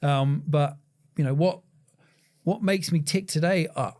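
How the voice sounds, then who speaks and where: A man's voice: on the high side, a little mellow. Reflective man in his forties. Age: 40s. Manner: halting, many restarts and fillers. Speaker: podcast guest, agency founder. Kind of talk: reflective conversation.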